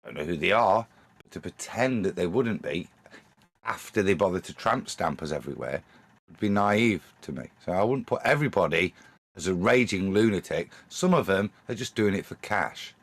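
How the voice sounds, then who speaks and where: Male panelist, low voice, hesitant and measured in casual talk. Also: expressive. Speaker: podcast panelist. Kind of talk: casual live-stream discussion.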